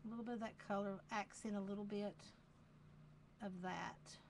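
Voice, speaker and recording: Unhurried Southern woman demonstrating crafts. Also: mid-range voice, fairly even intonation, slight background noise. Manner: unhurried, chatty, repeats phrases while working. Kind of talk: live craft tutorial.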